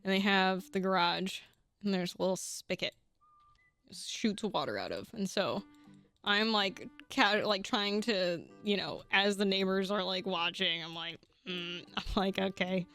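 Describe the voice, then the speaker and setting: A young woman telling a personal story in a casual, animated way, swearing freely, laughing often and restarting her sentences. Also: medium pitch, measured pace, smooth, soft background music.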